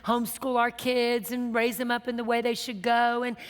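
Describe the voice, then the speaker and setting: A woman with a fairly high voice recounts her own story with humor and energy, laughing at herself as she goes. She talks like a minister and host sharing testimony in relaxed conversation. A long reverb trails after her words, as if she were in a hall. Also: moderate pace. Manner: lively, laughing, self-mocking storyteller. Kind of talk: storytelling testimony in casual chat.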